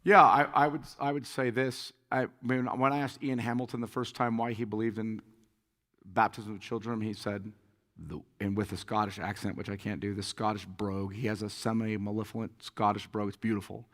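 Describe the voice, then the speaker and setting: A bright-voiced man speaking as a pastor in a conference question-and-answer session. He tells stories with energy, acting out what people said and laughing as he goes. His voice rings with the long reverb of a big hall. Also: on the low side, a little fast. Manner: animated storyteller, acts out quotes, laughs often. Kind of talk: conference Q&A talk.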